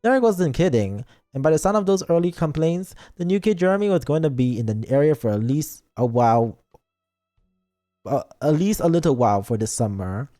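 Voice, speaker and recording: A man's voice: a little high, animated, fairly quick, dark tone, soft background music. A man streaming as a VTuber, reading a story game aloud and breaking off for teasing asides to chat. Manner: playful, reads lines aloud and reacts with teasing asides.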